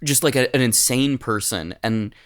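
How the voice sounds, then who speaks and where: A man co-hosting a podcast in a casual, comedic chat, telling stories excitably and swearing freely. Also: medium pitch, moderate pace. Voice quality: profane, excitable storyteller. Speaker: podcast co-host.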